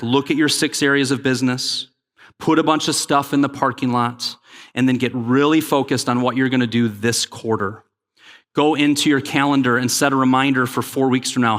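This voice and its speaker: A man giving a conference keynote, energetic and joking, calling on the crowd to respond. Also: mid-range voice. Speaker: keynote speaker. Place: large conference hall. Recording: long hall reverb.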